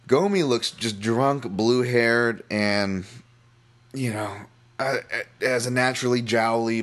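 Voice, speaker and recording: A man's voice: low-pitched, fairly bright tone. A man hosting a podcast, talking through his fight picks in a rambling, self-deprecating way, often restarting sentences. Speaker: podcast host. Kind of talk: casual betting analysis monologue.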